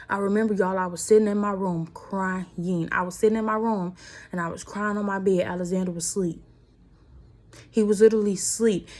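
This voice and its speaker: A woman's voice: mid-range voice, darkish tone. Young woman, casual storytime vlog, emotional, holding back tears, talks straight to viewers. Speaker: vlogger telling a personal story.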